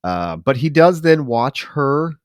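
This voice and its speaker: A man's voice: medium pitch, sing-song, slow, no echo. Podcast guy retelling a movie, wry and a bit outraged, very dry sound. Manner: wry, recapping plot with mock outrage. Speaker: podcast co-host. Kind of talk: casual film review chat.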